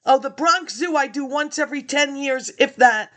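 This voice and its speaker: A woman's voice: sits high, normal speed, bright, forceful tone. A woman vlogger in a rambling casual monologue, hopping from topic to topic, chuckling to herself and speaking straight to her viewers. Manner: chatty, jumps between topics, chuckles to herself.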